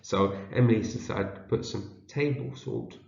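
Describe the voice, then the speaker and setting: A man teaching young children to read, sounding out each word slowly and repeating it so they can follow along. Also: fairly low pitch, vocal fry. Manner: reads word by word, repeating each word for learners to echo. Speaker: teacher leading a shared reading. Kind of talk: slow, patient read-aloud lesson for young children. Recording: dull, roomy home video.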